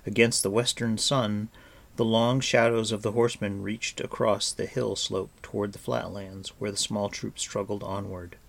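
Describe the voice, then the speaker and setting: A man reading a fantasy novel aloud as audiobook narrator, soft and even. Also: fairly low pitch, moderate pace, vocal fry. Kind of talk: scripted narration.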